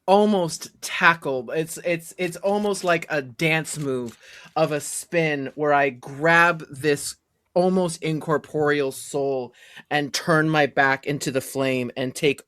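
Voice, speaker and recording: A man's voice: a little high, takes it slowly, a bit bright, slight background noise. A man playing a tabletop game, narrating his character's actions with intense passion. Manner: impassioned, intense. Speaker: player.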